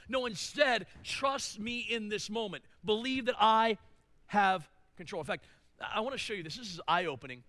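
A male pastor preaching a sermon, swinging between loud emphatic declarations and hushed asides. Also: sits high, dry recording.

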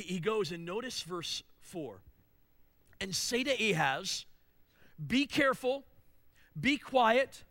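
Bright high-voiced man preaching. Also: no echo. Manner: emphatic, swings between loud declarations and hushed asides. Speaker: pastor. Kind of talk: sermon.

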